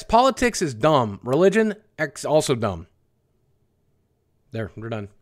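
A man's voice: mid-range voice, a bit bright. A man hosting a casual livestream, rambling bluntly and with profanity as he answers chat questions aloud. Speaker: livestream host.

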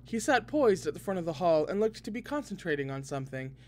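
Man, expressive novel read-aloud, excited asides, fairly high voice, faint noise. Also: quick pace. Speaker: podcast reader. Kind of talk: reading a novel aloud with reactions.

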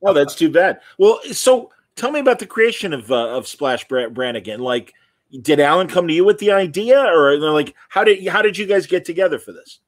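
A man with a somewhat high voice hosts a casual interview. He asks loose, friendly questions and stumbles a little as he goes. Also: normal speed. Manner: relaxed, conversational, hesitant questions. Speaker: interviewer host.

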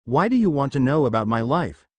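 A man's voice: medium pitch, very animated, brisk. A man voicing a gloating monster king. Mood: gruff teasing. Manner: gloating, calls the boy whelp. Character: boastful giant male monster king, teasing. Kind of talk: storybook reading.

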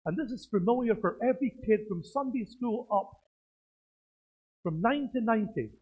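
A man, a pastor, preaching a sermon in a church through a face mask, with animated delivery and self-mocking jokes. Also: sits high, normal speed, breathy edge. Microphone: speaking through a face mask. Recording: tinny phone-like sound.

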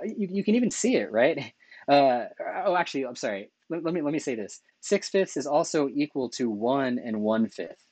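A man's voice: mid-range voice, a little mellow, dry recording. A man teaching a math lecture over slides, enthusiastic, correcting himself often and asking "right?" as he goes. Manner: enthusiastic, self-correcting, asks rhetorical questions with "right?".

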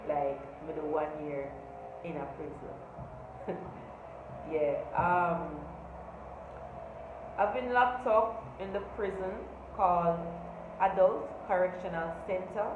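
Young Jamaican woman, unhurried and chatty vlogger, tinny phone-like sound in an echoey room. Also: on the low side, steady tone, noisy background. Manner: chatty, loose and rambling. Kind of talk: casual vlog talk.

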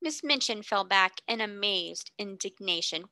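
Bright-voiced woman reading a classic novel. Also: mid-range voice, moderate pace, no room sound. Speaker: reader. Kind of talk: audiobook narration.

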